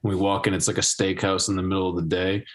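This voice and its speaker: A man with a low, deep voice joining a casual podcast chat. He tells stories in a measured, slightly hesitant way. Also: level tone.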